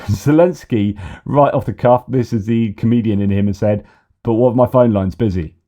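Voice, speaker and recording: A man's voice: on the low side, steady tone, fairly quick, warm tone. A man hosting a casual news commentary vlog, wry and opinionated, thinking aloud as he goes. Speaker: news commentator and channel host.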